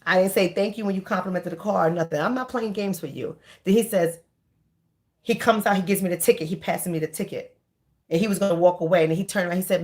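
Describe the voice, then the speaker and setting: A woman's voice: lowish voice, fast. A woman, telling a candid story in a casual monologue and repeating lines for emphasis. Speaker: vlogger.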